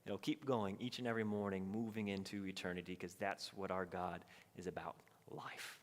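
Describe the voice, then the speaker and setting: A man teaching a midweek Bible study, telling the story with animated energy. He slips into the voices of its people as he goes. His voice rings with a long reverb in a church hall. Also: deep voice, normal speed. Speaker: pastor.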